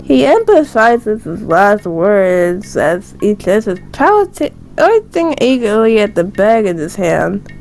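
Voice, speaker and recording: A woman's voice: mid-range voice, big pitch swings, slow pace, darkish tone, soft background music. A woman streamer reading a story game aloud, stumbling over words with laughing asides. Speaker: gameplay streamer.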